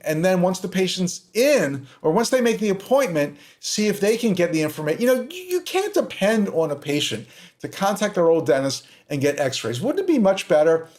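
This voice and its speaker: A man hosting a podcast, commenting on recorded calls with sarcastic, exasperated asides. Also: sits high. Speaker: podcast host.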